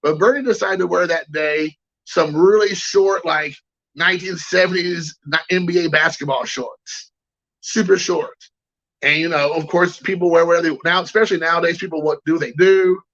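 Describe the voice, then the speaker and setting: Man, high voice, gravelly, bright tone, rambling casual storyteller, slightly muffled lo-fi audio. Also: fairly even intonation, moderate pace. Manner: rambling, chatty, greets chat viewers. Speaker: card collecting show host.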